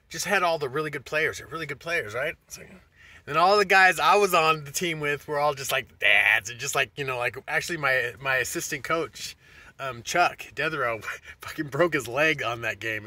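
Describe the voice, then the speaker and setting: A man's voice: a little high, sharp tone, no echo. A middle-aged man telling a rambling, profane story in a casual monologue, restarting his sentences often. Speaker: vlogger.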